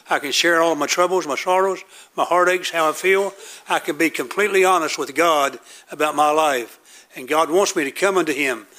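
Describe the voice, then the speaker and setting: A man's voice: fairly high pitch, bright, forceful tone. A man preaching a sermon, earnest and repetitive, asking questions and answering them himself.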